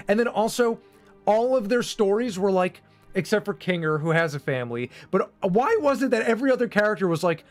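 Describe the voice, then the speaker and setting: A man's voice: high-pitched, lively intonation, fairly quick, faint music behind. A man streaming and going off on a casual, profane, emphatic rant. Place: home streaming setup.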